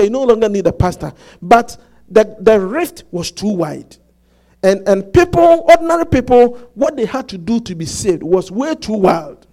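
A male pastor preaching a sermon, animated and repetitive, often stopping to ask the congregation if they follow him. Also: very high voice. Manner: repetitive, asks the congregation "Do you get it?"; halting restarts, animated storytelling.

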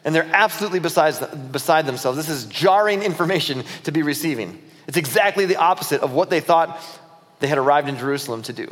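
A man preaching a sermon as pastor, retelling scripture in a lively storytelling way and acting out the disciples' voices. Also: a little high, quick pace, in a large hall. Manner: storytelling, acts out dialogue of disciples. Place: church auditorium.

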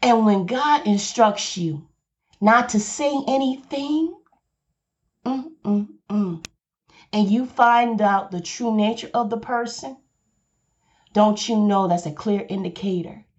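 A woman's voice: medium pitch, slow, darkish tone, lo-fi sound. Passionate Southern woman pastor preaching. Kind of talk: podcast sermon.

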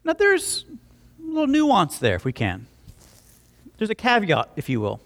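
A man's voice: high voice, normal speed. A young man preaching a sermon, telling jokey stories and acting out quotes as he goes. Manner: animated, jokey storytelling with acted-out quotes. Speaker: pastor.

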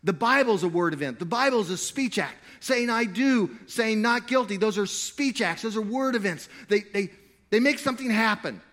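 A man preaching a sermon to a live congregation. He swings between loud, emphatic stretches and quiet asides, and he jokes with the crowd. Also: sits high, lively intonation, normal speed. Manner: playful, jokey with the crowd. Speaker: pastor.

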